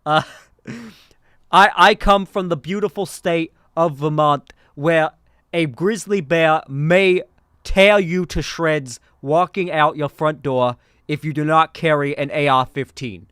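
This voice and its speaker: A man doing an impression of an older male politician, declaiming loudly and hammering each point. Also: fairly high pitch, slow pace, clean tone, dry recording, studio quality. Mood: emphatic.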